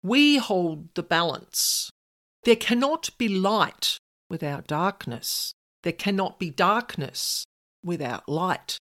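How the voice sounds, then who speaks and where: A woman voicing a proud, terse male demon commander who speaks slowly, boldly and firmly. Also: lowish voice, animated, a bit bright. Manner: slow, bold and firm.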